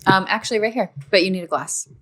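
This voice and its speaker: A young woman with a medium-pitched, fairly bright voice talks quickly as she co-hosts a podcast. She chats casually and teases her friend.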